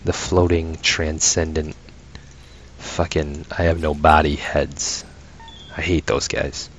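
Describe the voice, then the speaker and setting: A gaming channel host gives casual, profane gameplay commentary, ranting with sarcastic asides and sounding tired late at night. His bass voice moves little in pitch and is slow, with slight background noise.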